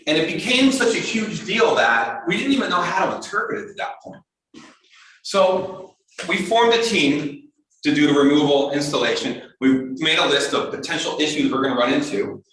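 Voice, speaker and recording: Brief: male presenter, slightly high voice, animated storyteller, mic far away, booming echoey hall. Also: normal speed. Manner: animated, acts out quoted voices in a higher pitch. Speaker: presenter at an astronomy club talk. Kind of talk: storytelling lecture. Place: community hall talk.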